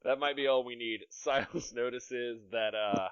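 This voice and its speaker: A man's voice: mid-range voice, measured pace, smooth, dry recording. Guy running a tabletop game, dull lo-fi mic, dry sound, laughs a lot. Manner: descriptive, amused, laughs often. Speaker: game master.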